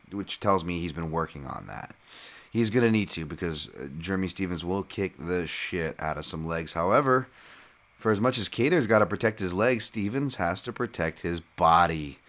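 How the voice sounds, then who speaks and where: A man with a very low voice hosting a podcast on his own. He talks in a loose, chatty way, drifting between points and dropping the odd swear word. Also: lively intonation, normal speed, a bit bright. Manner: casual, profane, digressive, chatty. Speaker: podcast host, fight analyst. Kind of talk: casual solo fight breakdown.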